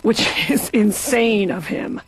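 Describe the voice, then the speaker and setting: A woman's voice: on the high side, slow pace, husky, no room sound. A woman comedian playing a patient, talking in a rambling, whiny, melodramatic way. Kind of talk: stand-up comedy in a cartoon.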